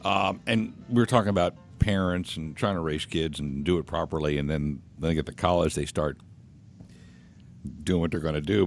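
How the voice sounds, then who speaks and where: A man hosting a talk show, telling stories in an animated, opinionated way. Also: extremely low pitch, a little hiss or hum. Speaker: radio talk show host. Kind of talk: radio talk show chat.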